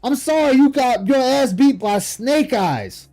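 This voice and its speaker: Man, very high voice, streamer, cursing tirade, scornful, shouts in bursts, faint music behind. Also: expressive, unhurried. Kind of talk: heated late-night stream rant. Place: home streaming setup.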